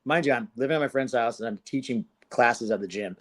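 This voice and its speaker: A man's voice: medium pitch, brisk. A man in his forties from Southern California, a guest fighter telling stories in a casual interview, laid-back and slangy, laughing often as he acts out what people said. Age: 40s.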